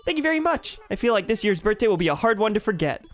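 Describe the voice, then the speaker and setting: A man's voice: high voice, sing-song, quick pace, faint music behind, pitched above the performer's own voice. Man putting on a sweet gushing duck girl. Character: sweet cheerful female duck villager.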